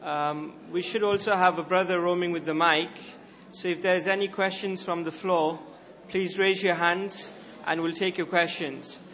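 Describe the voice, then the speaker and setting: A man's voice: sits high, steady tone, normal speed, a bit bright. A man moderating a lecture event, giving orderly instructions for the question session.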